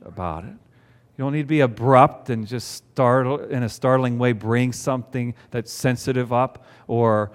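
A man's voice: medium pitch, measured pace. A man preaching a sermon to a congregation, conversational, with rhetorical questions. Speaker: pastor. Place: church before a congregation.

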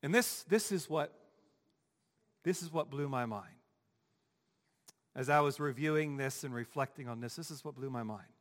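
A man preaching a sermon as pastor, emphatic, swinging from quiet asides to loud declarations. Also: mid-range voice, moderate pace, pauses often, in a large hall.

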